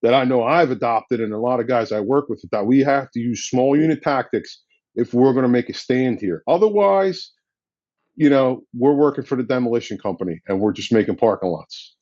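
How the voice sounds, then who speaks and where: A man's voice: mid-range voice, lively intonation, moderate pace, darkish tone, no room sound. Casual firefighter guy telling a story, cussing, dry close mic, bit muffled. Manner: blunt and profane, drops in slang. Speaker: firefighter guest.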